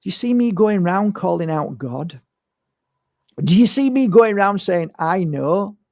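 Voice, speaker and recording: A man's voice: high voice, expressive, unhurried, darkish tone, no room sound, clean studio sound. A man, a spiritual medium, talking bluntly and emphatically in a rambling monologue to camera. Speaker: spiritual medium and crystal seller.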